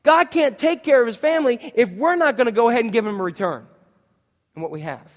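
A male pastor preaching a lively, jokey sermon, asking the congregation questions. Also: very high voice, quick pace, in a large hall.

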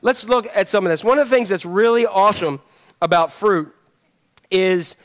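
A man's voice: sits high, moderate pace. A middle-aged man preaching a sermon in a church, conversational and joking with the congregation, handing out fruit as he goes. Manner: moves about handing out fruit while talking. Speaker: pastor. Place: church sanctuary.

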